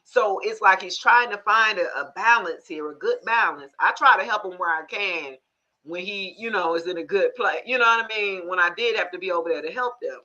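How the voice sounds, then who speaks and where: A woman hosting a tarot live stream in casual chat. She is frank, animated and cusses freely, often turning to her viewers for agreement. Her voice is very bright, and the recording sounds dull and lo-fi. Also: medium pitch, a little fast. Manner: animated storyteller, frank and cussing, asks the audience for agreement.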